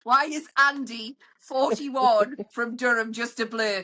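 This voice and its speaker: A middle-aged woman, chatting casually in a group. Her voice is bright and sits a little high. She tells cheeky stories and jumps into high, lively voices for quoted lines. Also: slow pace. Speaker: panel member.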